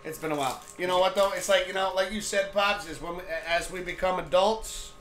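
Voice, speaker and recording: A man's voice: sits high, fairly even intonation, brisk, fairly bright tone. A man in his thirties hosting a casual sports live stream from home, joking and swearing as he chats. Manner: joking, profane, chatty. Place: home room. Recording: echoey room.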